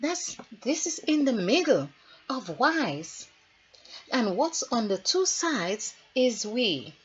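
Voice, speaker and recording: Slow, rambling woman with a husky voice. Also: fairly high pitch, sing-song. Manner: rambling and musing, with storytelling asides. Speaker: healer. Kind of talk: spiritual numerology talk. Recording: dull lo-fi recording.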